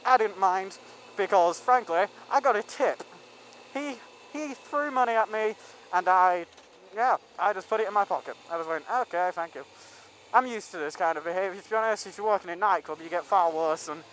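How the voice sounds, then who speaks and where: A man's voice: high voice, fairly bright tone, a little hiss or hum, rough recording. A young man telling a rambling story in a casual vlog, full of ums and restarts. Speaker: vlogger.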